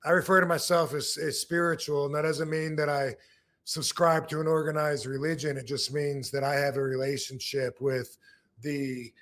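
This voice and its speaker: A man's voice: fairly high pitch, level tone, moderate pace, a bit bright. Chatty middle-aged man telling stories. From Michigan, USA. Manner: rambling, with many restarts and fillers. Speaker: podcast host. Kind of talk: casual storytelling.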